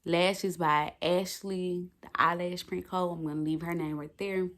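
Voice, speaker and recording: A woman's voice: on the low side, fairly even intonation, measured pace, a bit bright. A young woman vlogging to her phone, talking emphatically and swearing freely. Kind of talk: casual talk to camera.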